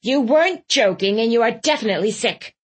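A woman's voice: a little high, lively intonation, a little fast, slightly rough, pitched above the performer's own voice. A woman voicing a bossy, blunt elderly aunt who barks her words with scorn. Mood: scornful. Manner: barking, scornful.

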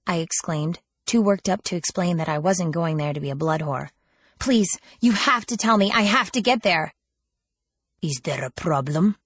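A woman narrating a first-person audiobook in a wry, lively storytelling manner. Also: low voice, breathy edge, dry recording, studio quality.

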